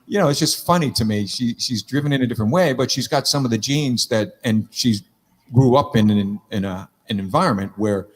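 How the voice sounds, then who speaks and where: A man's voice: mid-range voice, brisk. A middle-aged man telling stories in a rambling, casual chat, swearing freely.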